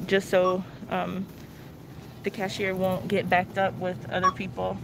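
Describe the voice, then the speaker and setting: A woman's voice: lowish voice, monotone, a little slow, vocal fry. A woman hosting a chatty live shopping vlog on her phone, talking to viewers as she walks through a store. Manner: chatty, addresses viewers as y'all. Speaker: couponing vlogger. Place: inside a discount store. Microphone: phone held while walking. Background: faint store noise.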